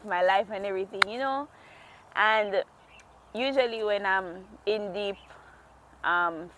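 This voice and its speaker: A woman chats through a devotional testimony, warm-hearted and quick to laugh, her speech loose and conversational. She sits at a middle pitch, recorded outdoors with faint ambient noise in the background. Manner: chatty, laughs often, heartfelt. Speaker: devotional vlogger. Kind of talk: casual personal testimony. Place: outdoors in a quiet natural area.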